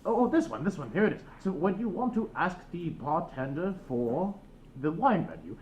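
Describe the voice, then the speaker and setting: A man's voice: fairly high pitch, sing-song, normal speed, darkish tone, highs cut off. A man from China chatting as a co-host, stumbling over repeated words with playfully formal phrasing. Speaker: co-host, guest. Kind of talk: casual chat. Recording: roomy echo, faint noise.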